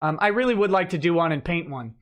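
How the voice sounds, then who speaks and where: A man's voice: a little high, fast talker. Sarcastic man hosting a live chat stream. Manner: sarcastic, animated, mocking. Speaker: livestream host reading chat. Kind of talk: casual livestream commentary.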